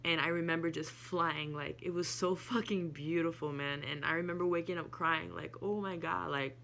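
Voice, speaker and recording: A woman with a low, gravelly voice tells a personal story straight to camera. Her manner is candid and emotional, and she swears freely. A faint hum sits behind her voice. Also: fairly even intonation, normal speed, fairly bright tone. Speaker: spiritual vlogger. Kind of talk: casual storytelling monologue.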